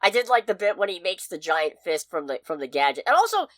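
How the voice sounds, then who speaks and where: A woman co-hosting a podcast, reviewing a movie in casual chat, expressive and swearing freely. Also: fairly low pitch, quick pace, dry recording. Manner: expressive, swears freely, loud outbursts of frustration. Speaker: podcast co-host.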